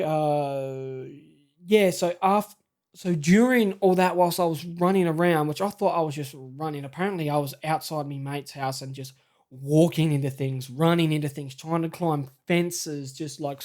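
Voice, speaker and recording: Australian male vlogger, a touch high-pitched; halting, stammering storyteller. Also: a little mellow. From South Australia. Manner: halting, stammering, shaken retelling. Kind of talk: personal storytelling.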